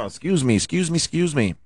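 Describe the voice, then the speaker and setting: A man hosting a podcast, hoarse from allergies and often clearing his throat, ranting about football with lots of swearing and rhetorical questions. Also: a little high, dry recording, clean studio sound. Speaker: podcast host. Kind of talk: casual sports rant.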